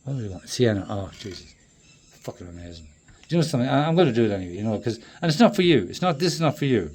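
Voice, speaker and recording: A man in a rambling, profane monologue that swings between loud outbursts and low mutters. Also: sing-song, very fast, a little hiss or hum.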